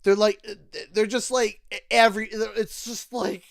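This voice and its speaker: A Canadian man streaming a game, ranting with sarcasm and bursts of shouting. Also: high-pitched, little pitch movement, measured pace, vocal fry, no echo, clean studio sound. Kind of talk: gaming livestream commentary.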